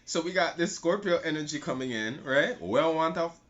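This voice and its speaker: A man's voice: on the high side, animated, normal speed, a bit bright. A man giving a casual tarot reading, talking loosely and repeating himself, with lots of "right?" and some swearing. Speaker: tarot reader. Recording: slightly dull sound with faint music.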